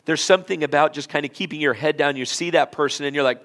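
A male pastor preaching a sermon in an auditorium, telling the story in a folksy, conversational way that swings from loud to quiet. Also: on the high side, fast talker.

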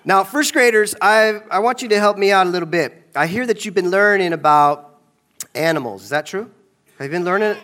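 A man's voice: high voice, fairly quick, fairly bright tone. A man pastor leading a children's sermon in a large church, playful and talking right to the kids. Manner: playful, addressing kids directly.

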